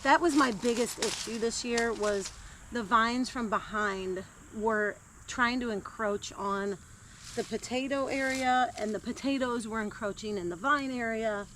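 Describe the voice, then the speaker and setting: A woman vlogging casually while digging in her garden outdoors, chatty and quick to laugh. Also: a little high, fairly bright tone. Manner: chatty and easily delighted, laughs often. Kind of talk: casual chat while working. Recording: outdoor recording with clear background noise.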